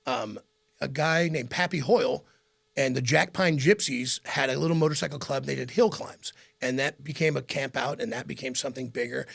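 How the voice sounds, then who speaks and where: A middle-aged man with a gravelly, raspy voice, a radio host telling rambling stories in a casual interview and laughing often. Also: mid-range voice, normal speed. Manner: rambling, animated anecdotes with frequent laughs.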